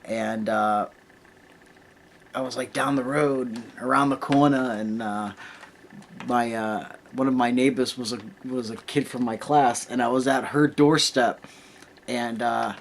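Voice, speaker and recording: A man's voice: medium pitch, fairly even intonation, measured pace, slight background noise. Laid-back man in his thirties, swearing. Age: 30s. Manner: laid-back, swears freely, rambling anecdotes. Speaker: co-host. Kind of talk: casual chat. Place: home.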